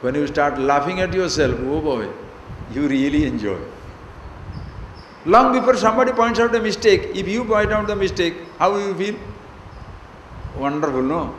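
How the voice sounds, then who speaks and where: A man's voice: fairly high pitch, expressive, moderate pace, pauses often, fairly bright tone. A man giving a spiritual discourse as a teacher, playful and emphatic, prodding listeners with rhetorical questions. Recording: echoey hall with faint noise.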